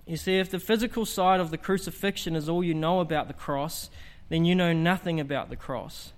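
A man's voice: a little high, brisk. A man preaching an evangelistic sermon in an earnest, emphatic way, asking rhetorical questions.

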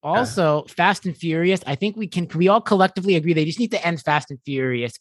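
Podcast host, casual chat, joking and animated, mid pitch, dry close-mic sound. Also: no echo. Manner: animated, joking, quick asides.

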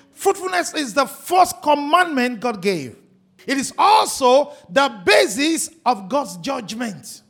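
A man's voice: very high-pitched, very animated, measured pace, gravelly. A man preaching a sermon as pastor, hitting key words hard and drawing them out. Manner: emphatic preaching, stretching and shouting key words.

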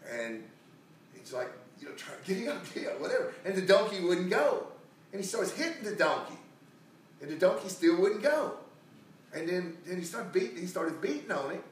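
Telling a Bible story, this preacher keeps his sermon loose and rambling, with restarts and dramatized quotes. His voice runs on the high side. The capture is distant and echoey, with a little hiss or hum.

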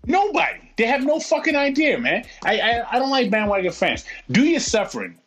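A man's voice: very high-pitched, sing-song, brisk, a bit bright, soft background music, low-quality recording. A man chatting on a podcast, ranting heatedly and swearing constantly. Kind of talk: profane casual chat.

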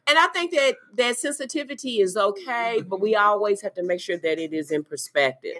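A woman's voice: medium pitch, fairly quick. A middle-aged woman, a mother telling family stories proudly in casual chat. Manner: warm storytelling, proud. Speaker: guest, host's mother.

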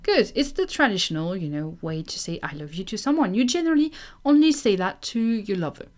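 A woman teaching phrases in a language lesson, slowly modelling each one for learners to repeat, with chatty asides. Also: mid-range voice, sing-song. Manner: slow, patient, models phrases for repetition. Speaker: French teacher.

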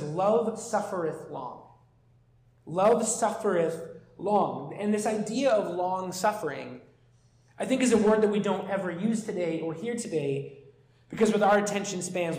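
High-voiced Canadian man preaching in an echoey church. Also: darkish tone. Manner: conversational preaching with asides and slowed scripture reading. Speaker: pastor. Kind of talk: sermon. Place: church hall.

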